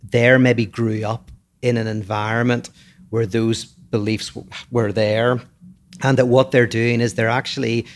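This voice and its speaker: Northern Irish male co-host, reflective, lecturing, mid-pitched voice, casual podcast chat. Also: little pitch movement, measured pace, slight background noise. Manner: thoughtful, lecturing, restarts mid-thought.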